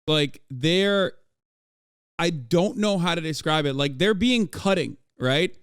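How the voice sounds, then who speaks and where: A man reacting to podcast clips on a livestream, rambling excitedly and swearing freely. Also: a little high, slow, smooth, dry recording, studio quality.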